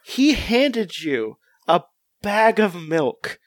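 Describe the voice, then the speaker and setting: A man's voice: high voice, big pitch swings, drawn-out words, a little hiss or hum. A young man in casual podcast chat, rambling and playful as he spins odd hypothetical stories.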